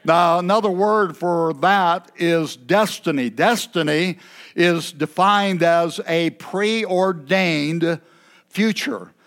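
A man preaching a sermon in a church, folksy and chatty, with asides and throat-clearing. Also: high voice, takes it slowly, a bit bright.

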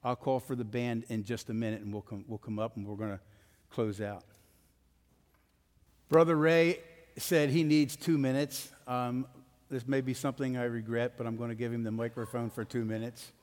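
A man's voice: medium pitch, little pitch movement, fairly quick, a little mellow. Man, pastor, sermon, emphatic cadence, long hall reverb. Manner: emphatic, rising and falling preaching cadence. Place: church sanctuary.

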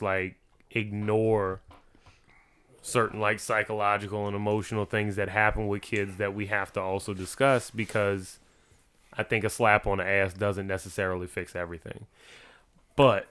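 A young man in casual podcast chat, loud and animated, swearing freely. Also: fairly low pitch, clear, resonant tone.

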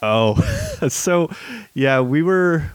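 A man's voice: fairly high pitch, animated, very slow, smooth, no echo. A man co-hosting a podcast, chatting casually about a TV episode, laughing often and quoting others. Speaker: podcast co-host. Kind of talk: casual chat recapping a TV episode.

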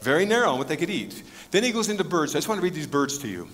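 A man's voice: on the high side, sing-song, racing, fairly bright tone. A male pastor preaching an expository Bible sermon to a congregation in a conversational way, asking the audience questions and joking in asides. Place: church sanctuary with a live audience. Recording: long reverb of a church hall.

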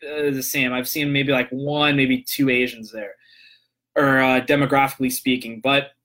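A man talking casually to his viewers in a rambling, self-correcting way, often checking in with a quick "right?". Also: mid-range voice, little pitch movement, fairly bright tone. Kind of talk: casual opinion monologue to viewers.

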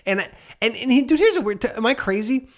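A man co-hosting a podcast in loose, casual conversation. His pitch swings widely as he gets worked up, and he keeps slipping into mock quotes of what other people say. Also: quick pace. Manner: excitable, jumps in pitch when animated, mock-quotes people. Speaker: podcast co-host. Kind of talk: casual chat.

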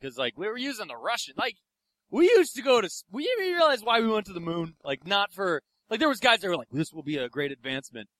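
A man's voice: high voice, big pitch swings, fast, fairly bright tone, dry recording. A young man doing a profane stand-up comedy set, ranting and acting out the people in his stories. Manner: profane, ranting, acts out quoted voices.

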